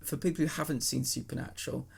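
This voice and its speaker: A podcast host asking questions in a relaxed, curious manner. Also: medium pitch, quick pace, vocal fry, breathy edge. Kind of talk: casual interview chat.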